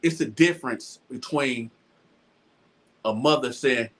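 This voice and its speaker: A man hosting a show, telling a casual story to his viewers in an animated way, with stammered restarts and repeated phrases. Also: medium pitch, measured pace. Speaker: show host.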